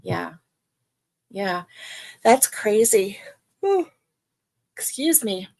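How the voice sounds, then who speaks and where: Her medium-pitched voice has a sing-song lilt and moves extremely slowly as this older woman hosts a casual livestream. Warm and talkative, she reads viewers' comments aloud, filling gaps with ums and likes.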